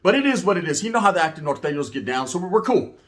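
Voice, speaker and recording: A man's voice: sits high, very animated, rapid-fire, fairly bright tone. Slangy man telling a prison story. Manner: slangy, profane, rambling with frequent "right?". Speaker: storyteller recounting prison life. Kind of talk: casual storytelling.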